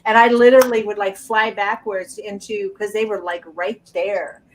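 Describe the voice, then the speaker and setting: A woman's voice: mid-range voice, steady tone, normal speed, far from the mic, poor audio. A woman on a casual live chat telling a story frankly and with animation, swearing now and then.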